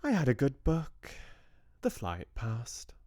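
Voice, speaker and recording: A man's voice: medium pitch, takes it slowly, no echo, clean studio sound, voice pushed up. A man doing a poised drawling grandmother. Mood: warm curious. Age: older. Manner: drawling, calm and shrewd. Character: poised elegant grandmother with soft southern drawl.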